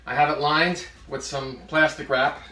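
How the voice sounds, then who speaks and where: A man's voice: fairly high pitch, fairly even intonation, measured pace, pushed and bright, reverberant, recorded from a distance, a little hiss or hum. A man hosting a comedic cooking demonstration in his kitchen, full of joking asides. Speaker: cooking show host. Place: home kitchen.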